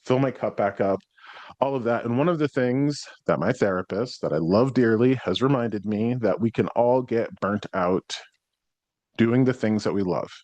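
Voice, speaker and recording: A man's voice: on the low side, moderate pace, darkish tone, no echo. Reflective American man podcasting solo. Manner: reflective, explanatory, frequent throat clearing. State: worn out after burnout. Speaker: podcast host and psychic medium.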